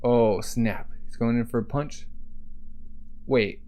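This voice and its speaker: A man's voice: mid-range voice, steady tone, takes it slowly, a little mellow. A man casually reading a manga aloud, describing panels and voicing sound effects, with frequent filler words. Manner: casual, uses "like" often, voices sound effects. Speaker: manga reader.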